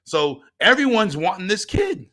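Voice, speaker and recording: Speaking in a high, very animated voice at a moderate pace, a middle-aged guest author shares a personal story casually. He shifts from quiet reflection into heated retelling and back.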